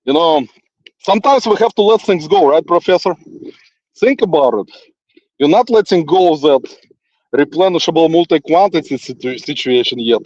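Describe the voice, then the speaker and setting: A man with a non-native English accent rambles on while walking outdoors, teasing an absent critic and chuckling between thoughts. His voice sits a little high, and the sound is dull and lo-fi, dry, with no room around it. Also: expressive, moderate pace, a little mellow, no echo. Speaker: livestream host. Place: outdoors in a forest.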